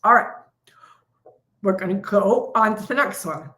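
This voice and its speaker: A woman's voice: medium pitch, a little slow, a bit bright. A middle-aged woman leading a live coaching session, speaking directly to viewers and stretching out key phrases for emphasis. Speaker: trading coach.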